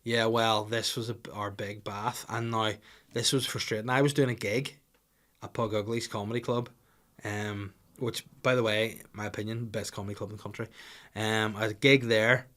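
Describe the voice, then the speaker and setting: A man's voice: on the low side, flat delivery, moderate pace, fairly bright tone. A man, a comedian hosting a podcast, telling a rambling, sweary comic story.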